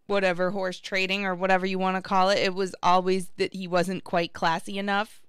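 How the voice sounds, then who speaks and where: A woman co-hosting a political podcast, chatty and animated, often saying "like". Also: mid-range voice, a little fast, clean tone, dry recording, clean studio sound. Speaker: podcast co-host. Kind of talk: political commentary chat.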